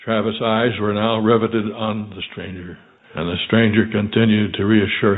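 An older male preacher tells a story in a low, measured voice that drops to near quiet. He clears his throat often. The audio is thin and phone-like. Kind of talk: sermon storytelling.

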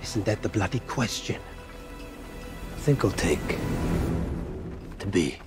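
An actor playing a cocky mercenary with a heavy South African accent, mocking and theatrical, in a film. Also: male voice, fairly low pitch, expressive, slow, loud music behind the voice.

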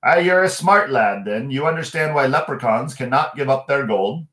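A man's voice: medium pitch, lively intonation, moderate pace, fairly bright tone, natural voice. A man voicing a grumpy male leprechaun, an old cobbler, with a put-on Irish accent and a lilting, hot-tempered manner. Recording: echoey room.

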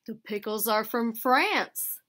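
A woman voicing a big pompous male bear in a storybook, declaiming in a slow, booming manner. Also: pushed and bright, exaggerated voice.

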